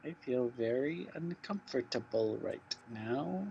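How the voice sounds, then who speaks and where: Gravelly, deadpan man streaming a game. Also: medium pitch, slow, muffled recording, slight background noise. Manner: dry, deadpan, mock-weary. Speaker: let's play streamer. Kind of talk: casual gaming banter.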